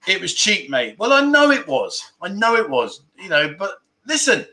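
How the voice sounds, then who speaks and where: A man's voice: sits high, huge pitch swings, normal speed, bright, forceful tone. A man hosting a casual livestream, chatting and reading viewer comments, laughing often and tripping over his words. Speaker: livestream host.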